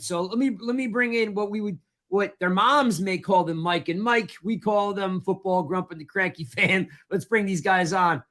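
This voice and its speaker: A man with a high voice hosts a laid-back football podcast. He talks in a friendly, meandering way, often restarting his sentences. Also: moderate pace, a bit bright. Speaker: podcast host. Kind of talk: casual sports podcast chat.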